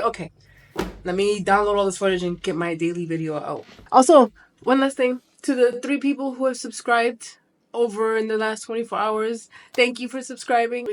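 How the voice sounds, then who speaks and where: Chatty effusive woman in her forties. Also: medium pitch. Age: 40s. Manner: chatty and effusive, swears casually. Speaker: vlogger. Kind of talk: casual vlog talk to camera.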